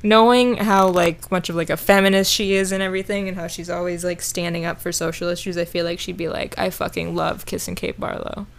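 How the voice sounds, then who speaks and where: A woman's voice: fairly low pitch, steady tone, a little fast, few pauses, smooth. A woman co-hosting a casual chat, leading a film recap in a chatty way with lots of fillers. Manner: chatty, heavy use of "like", leads the recap. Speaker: podcast co-host.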